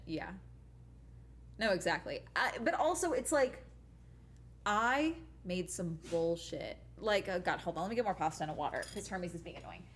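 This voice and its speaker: A woman's voice: lowish voice, animated, moderate pace, slight background noise. A young adult woman streamer and teacher chatting casually, rambling and swearing with lots of "like" and "you know", laughing often. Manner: laughs often mid-sentence. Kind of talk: casual chat.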